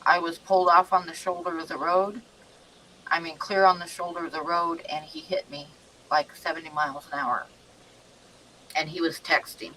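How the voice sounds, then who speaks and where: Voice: mid-range voice, level tone, normal speed, sharp tone, a little hiss or hum. A parent telling stories in casual livestream chat, full of fillers like "um", recorded slightly away from the microphone. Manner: storytelling with fillers. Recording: voice a bit distant from the mic.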